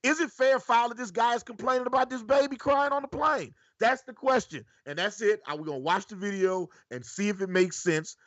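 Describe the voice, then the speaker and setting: A man hosts a loose, casual reaction show, his voice sitting a touch high and heard through slightly dull, lo-fi audio. He stumbles over his words and restarts often as he calls out cues to his producer. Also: a little fast, hardly any pauses, fairly bright tone, no room sound. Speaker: show host.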